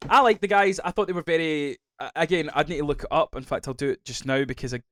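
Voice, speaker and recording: A Scottish man co-hosting a casual podcast chat, rambling and animated, swearing freely. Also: a little high, fast, dry recording, clean studio sound. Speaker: podcast co-host.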